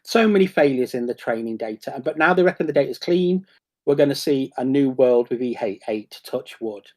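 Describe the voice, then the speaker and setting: A man talks in an excitable, rambling way, tripping over his restarts and jumping into acted-out quotes. His voice is husky and a little rough at mid pitch. It sounds like loose, enthusiastic live chat. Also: normal speed.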